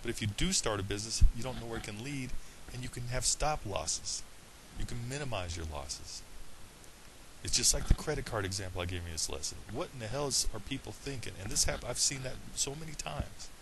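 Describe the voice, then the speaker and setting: A man's voice: medium pitch, lively intonation, brisk, background noise. Blunt, emphatic middle-aged man coaching. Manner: blunt, earnest, emphatic, with restarts. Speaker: online business coach. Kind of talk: direct-to-camera pep talk.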